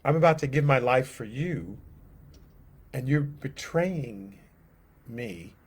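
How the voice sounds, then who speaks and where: A man speaking as a gentle, grieving teacher figure, quiet and earnest as he pleads with a friend. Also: mid-range voice, a little fast, natural voice. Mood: pleading.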